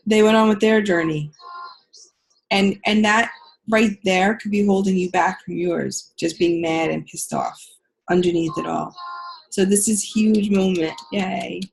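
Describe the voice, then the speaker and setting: A woman's voice: medium pitch, steady tone, measured pace, creaky, a little hiss or hum, low-quality recording. A woman leading a spiritual healing group. She reads out members' comments, affirms them with repeated phrases, then guides a meditation.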